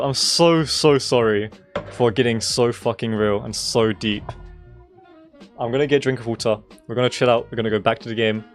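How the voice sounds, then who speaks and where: A young man streaming a game, talking in an emphatic, repetitive way with swearing, his voice going hoarse. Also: on the low side. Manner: emphatic, swearing, repeating himself for stress. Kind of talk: casual live-stream rant.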